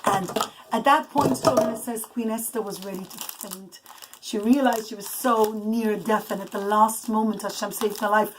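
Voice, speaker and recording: A woman telling a bedtime story to children with puppets, pausing now and then to settle the kids. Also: medium pitch, steady tone, noisy background.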